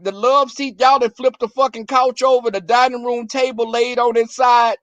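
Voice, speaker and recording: A man telling crude stories in a casual rant to his viewers, profane and animated, acting out quarrels in a shrill voice. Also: normal speed, hardly any pauses, no room sound, muffled recording.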